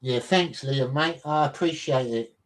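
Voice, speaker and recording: A man hosting a relaxed livestream, reading entries aloud from a reference book. He reads slowly and haltingly, stumbling over words and repeating them. He breaks off now and then to greet viewers in chat, and his pitch sits in the middle range.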